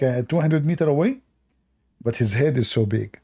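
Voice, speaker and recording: A man's voice: mid-range voice, normal speed, warm tone. A man with a non-native English accent hosting a livestream and giving sarcastic, mocking commentary. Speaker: livestream debate host.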